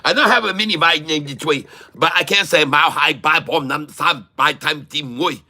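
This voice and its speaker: Man doing a taunting broken-English voice, slow drawl, clipped grammar, bright tone. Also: a little high, voice pushed up, full character voice. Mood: mocking.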